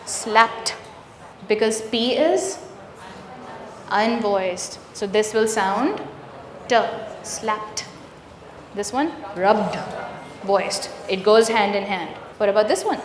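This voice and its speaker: A woman's voice: medium pitch, animated, slow pace, slight background noise. A woman leading an interactive teacher training workshop, asking the room questions and confirming their answers. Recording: echoey room with long reverb.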